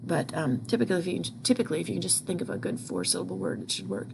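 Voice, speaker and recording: A woman's voice: sits low, very animated, rapid-fire, creaky, background noise. A music teacher explaining rhythms patiently, step by step, speaking into a computer mic at her desk. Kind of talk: online music lesson.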